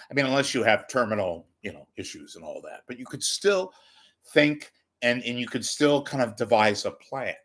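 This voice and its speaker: A man's voice: mid-range voice, a bit bright. A man giving a rambling, self-mocking comedic monologue to his viewers, often swearing. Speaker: YouTube commentator.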